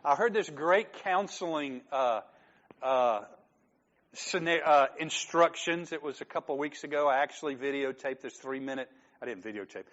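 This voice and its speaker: A man's voice: on the high side, normal speed, a bit bright, dull audio. A man preaching a sermon as pastor, talking conversationally, joking with the congregation and acting out quoted lines.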